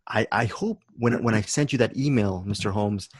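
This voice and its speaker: A man's voice: on the low side, normal speed, no room sound. A man hosting a podcast in casual chat, enthusiastic and repeating words as he thinks. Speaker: podcast host.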